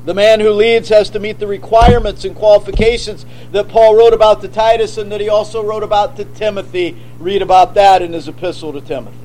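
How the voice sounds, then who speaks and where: Male pastor, very high voice, forceful sermon delivery with pointed rhetorical questions. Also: fairly even intonation, brisk, few pauses, slight background noise, rough recording.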